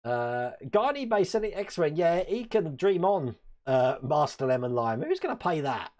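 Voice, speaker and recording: A man's voice: on the high side, very animated, measured pace, darkish tone. A man from Wales hosting a casual live stream from his hobby room, rambling, chuckling often and answering chat.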